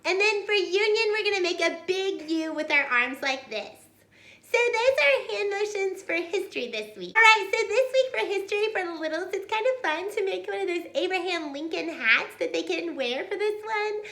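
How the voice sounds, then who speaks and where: A woman's voice: very high-pitched, animated, normal speed, pushed and bright, reverberant. A young woman hosting a chatty, upbeat homeschool tutoring video, explaining songs and hand motions. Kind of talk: upbeat how-to teaching video.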